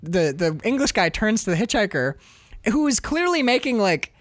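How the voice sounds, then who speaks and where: A man's voice: sits high, moderate pace, no room sound. A man co-hosting a casual podcast, riffing on a film with lots of swearing and laughter, acting out lines from scenes. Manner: animated, profane, laughs often, quotes scenes in voices. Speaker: podcast co-host. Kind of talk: casual movie-riff chat.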